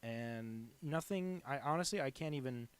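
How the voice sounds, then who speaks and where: A man streaming live as a cartoonist, chatting casually while he draws and rambling through deadpan jokes. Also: medium pitch, moderate pace, clear, resonant tone.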